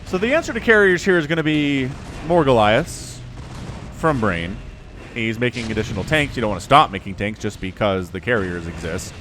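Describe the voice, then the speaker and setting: A young man giving chatty, excitable solo play-by-play commentary on a strategy video game, laughing now and then as he talks. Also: mid-range voice, moderate pace, a little hiss or hum. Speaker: esports caster.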